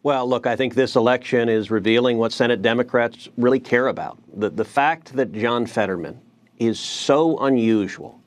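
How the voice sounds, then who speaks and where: A middle-aged man, a senator as a TV news guest, speaking forcefully and indignantly, often repeating words as he starts a point. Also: mid-range voice, moderate pace. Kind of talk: political TV interview.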